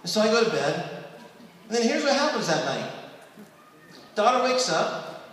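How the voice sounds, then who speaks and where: Stand-up guy with a high voice telling a story, mic far off in a big echoey room. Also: sing-song, moderate pace. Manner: storytelling, drops to a soft hush for quoted prayers and bedtime talk. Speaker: stand-up comedian. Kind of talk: stand-up routine.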